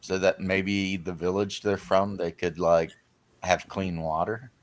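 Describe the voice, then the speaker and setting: A man with a fairly low voice chats casually about tabletop games. He is blunt and jokey and tells stories with a profane streak. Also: flat delivery, measured pace. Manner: blunt, joking, profane storyteller.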